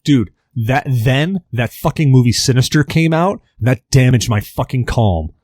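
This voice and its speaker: A man's voice: medium pitch, moderate pace, no echo. A man on a podcast telling a long story in a casual, rambling way, full of fillers and acted-out quotes. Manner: animated, rambling with many fillers. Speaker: podcast host.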